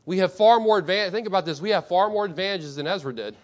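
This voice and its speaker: A pastor preaching to his congregation, asking many rhetorical questions and reading quotations slowly with emphasis. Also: sits high, expressive, muffled recording. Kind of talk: sermon.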